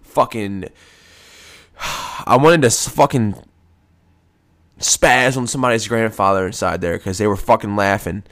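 A man's voice: fairly low pitch, unhurried, long pauses, fairly bright tone. A man hosting a casual solo podcast from home, talking in a rambling, profane, laid-back way, a bit congested from post-nasal drip. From United States. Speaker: podcast host.

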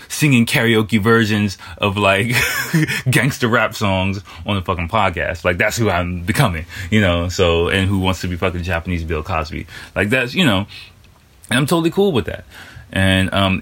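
A man's voice: sits low, a bit bright. A man talking casually on his podcast, loose and profane, full of "like" and "you know". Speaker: podcast host.

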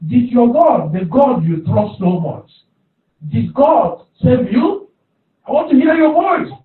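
A man's voice: very high-pitched, big pitch swings, slow, reverberant, recorded from a distance, phone-quality sound, pitched above the performer's own voice, full character voice. A man acting out an anguished king crying out in a sermon. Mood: desperate.

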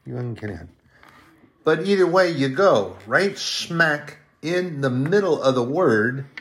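A man preaching a sermon, impassioned and emotional, swelling loud on scripture verses and then dropping to a soft, hushed tone. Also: mid-range voice. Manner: emotional, moved while reading.

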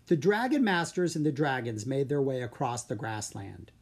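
A narrator reading a children's chapter book with expressive storytelling. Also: medium pitch, normal speed, slightly rough. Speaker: audiobook narrator.

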